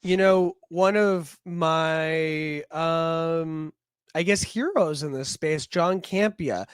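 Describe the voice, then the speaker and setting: Slow-talking woman hosting a discussion. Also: sits low, clear, resonant tone, dry recording. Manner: conversational, searching for words. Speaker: podcast host. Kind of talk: casual discussion.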